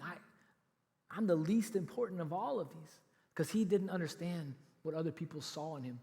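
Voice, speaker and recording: Animated pastor preaching in reverberant hall. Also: male voice, fairly high pitch. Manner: animated storytelling, acts out quoted lines. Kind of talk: sermon. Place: church auditorium.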